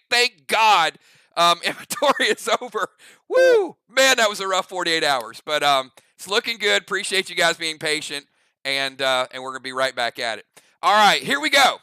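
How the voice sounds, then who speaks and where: Bright, hyped male livestream host. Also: high-pitched, no echo, poor audio. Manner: energetic, hyped, talks to chat. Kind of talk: hype livestream chat.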